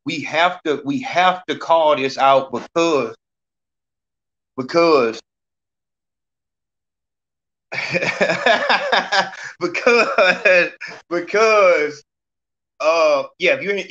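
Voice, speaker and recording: A man's voice: mid-range voice, a bit bright, dull audio. A man hosting a call-in podcast, ranting profanely and challenging a commenter. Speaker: podcast host. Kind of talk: heated call-in podcast talk.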